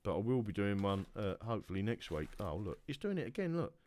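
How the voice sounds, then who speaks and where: A tired man hosting a casual livestream, rambling and chatty, often trailing off into low muttering. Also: very animated, quick pace, few pauses, a little mellow, slight background noise. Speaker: livestream host.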